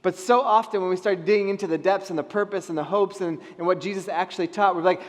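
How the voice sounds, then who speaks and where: Animated man preaching in reverberant hall. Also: high voice, fast, hardly any pauses. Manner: animated, acts out voices of people in the story. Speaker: pastor. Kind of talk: sermon. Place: church hall.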